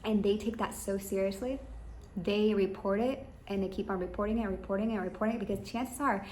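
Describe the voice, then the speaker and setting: A woman's voice: mid-range voice, steady tone, fairly quick, a little mellow. A woman giving rambling, emphatic business advice straight to her listeners. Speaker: business coach. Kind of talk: advice monologue. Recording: echoey room with faint ambient noise.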